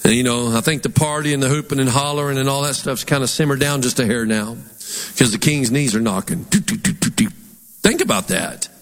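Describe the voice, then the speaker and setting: A pastor with a Southern twang preaching a sermon in an animated, folksy way, putting on mock voices. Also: male voice, mid-range voice, a little fast. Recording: long hall reverb.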